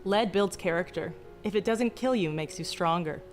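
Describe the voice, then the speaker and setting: A young woman streaming, speaking in a slow, deliberately calm, mock-soothing way with a touch of vocal fry, joking with chat. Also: fairly low pitch. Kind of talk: casual live-stream chat. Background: faint background music.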